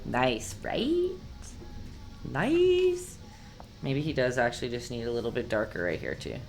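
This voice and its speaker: Speaking in an extremely low, very animated voice at an unhurried pace, a woman hosts a live-streamed painting lesson over soft background music. She is chatty and encouraging, humming to herself as she paints.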